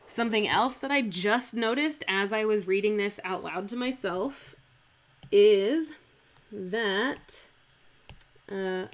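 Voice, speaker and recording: At medium pitch, a woman streaming from her home setup analyzes a Shakespeare speech, scanning the old verse out loud in a relaxed, conversational manner. Frequent self-corrections punctuate her talk, and she rereads phrases repeatedly to hear where the stress lands.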